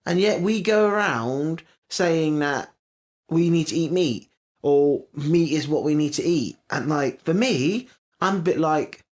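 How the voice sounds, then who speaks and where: A man's voice: on the high side, unhurried. A young man co-hosting a podcast, chatting bluntly and swearing freely as he reviews a TV episode. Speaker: podcast co-host. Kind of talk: casual chat reviewing a TV episode.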